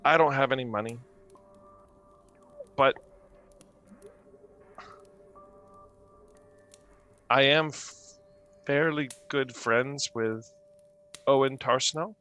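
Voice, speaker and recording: A man voicing a grieving, halting husband. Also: mid-range voice, bright, forceful tone, faint music behind, pitched above the performer's own voice. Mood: pleading, humble. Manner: halting, stammering. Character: grieving worried man, humble craftsman husband. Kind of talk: tabletop game character voice.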